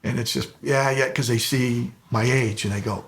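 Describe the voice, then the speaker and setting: A man who coached high school football, telling stories in an emphatic documentary interview. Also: fairly even intonation, moderate pace, creaky, hardly any pauses, slightly rough.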